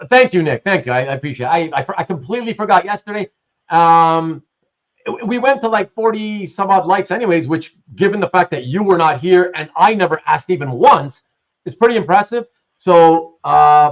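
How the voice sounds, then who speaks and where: A man hosting a live online sale, his voice sitting a bit high. He rambles cheerfully, reads out viewers' names and jokes with his guest. The stream audio is slightly dull and lo-fi. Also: expressive, normal speed. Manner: chatty, laughs often, reads chat aloud. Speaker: livestream host. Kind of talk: casual live-stream chat.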